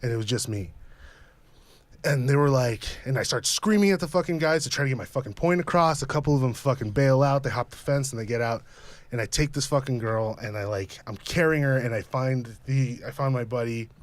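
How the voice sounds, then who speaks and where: A young man, a podcast guest, telling a story casually with lots of swearing and animated, raised voices for the people he quotes. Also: mid-range voice, no echo.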